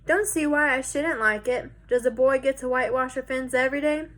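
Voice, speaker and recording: A woman's voice: high-pitched, steady tone, brisk, pitched above the performer's own voice, natural voice. A woman reading as a sly boy. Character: clever boy working on a chore.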